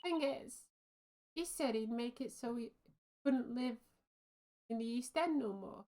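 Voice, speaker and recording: A woman's voice: fairly high pitch, a little slow, warm tone, natural voice. A woman voicing a frightened young working-class female witness in a put-on Irish accent, hesitant and nervous. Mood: defiant. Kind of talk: game dialogue read aloud.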